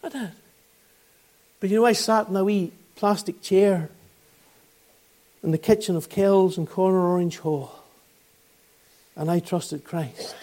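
High-voiced Northern Irish preacher. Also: male voice, unhurried, long pauses, mellow. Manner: earnest storytelling, rising to fervent appeals. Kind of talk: gospel sermon testimony.

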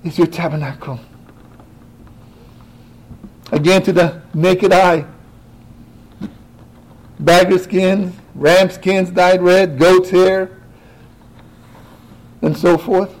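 A man preaching a sermon who talks directly to his congregation, moving from quiet asides to rising, emphatic exclamations. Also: high-pitched, fairly even intonation, takes it slowly, pauses often, poor audio.

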